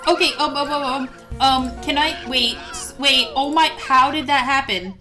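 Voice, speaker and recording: A woman casually talking through her gameplay in a high, light voice. She is excitable and giggly and fills pauses with ums. Quiet music plays underneath her. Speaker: gameplay video host. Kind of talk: casual game commentary.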